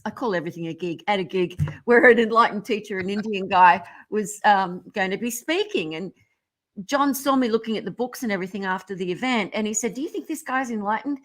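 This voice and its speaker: Appearing as a guest on a radio interview, a middle-aged woman with a mid-range voice tells stories in an animated, irreverent way, frequently breaking into laughter.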